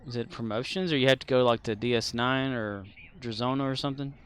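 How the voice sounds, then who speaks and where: A man's voice: mid-range voice, fast talker, clean tone. A man streaming a game, chatting casually and sleepily with his viewers in a laid-back drawl. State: sleepy, keeps yawning. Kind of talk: casual chat while playing.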